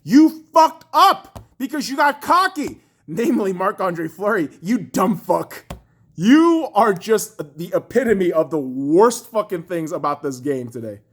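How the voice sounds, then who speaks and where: Furious profane man ranting about hockey. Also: unhurried. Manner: lively pitch swinging from shouts to low mutters. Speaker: podcast host. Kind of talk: angry sports rant.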